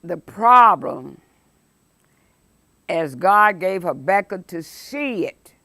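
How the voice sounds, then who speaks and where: A woman pastor delivers a Bible study sermon at an unhurried, deliberate pace, stretching out her key phrases. Her voice is bright and forceful, and it sounds close and dry. She reads scripture with dramatic fire. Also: lowish voice, lively intonation, no echo. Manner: emphatic preaching, calls out "Woo!", reads scripture dramatically.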